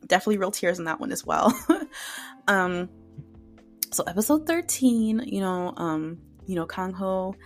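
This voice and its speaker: A woman's voice: medium pitch, expressive, normal speed, soft background music. A woman hosting a podcast, recapping TV dramas in a chatty, emotional way full of fillers. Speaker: podcast host reviewing dramas. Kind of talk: casual solo recap.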